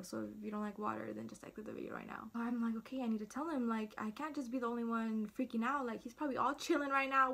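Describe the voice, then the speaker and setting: A woman's voice: a little high, creaky, fairly bright tone. A teenage girl vlogging in a chatty storytelling way, acting out what everyone said. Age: teens. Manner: chatty, dramatic, acts out quotes. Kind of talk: casual storytime.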